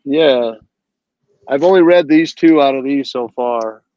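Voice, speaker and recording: A man's voice: mid-range voice, measured pace, no room sound. A man showing off comic books in a casual video-call chat, telling stories as he goes. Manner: chatty show-and-tell, storytelling. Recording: dry, dull lo-fi call audio.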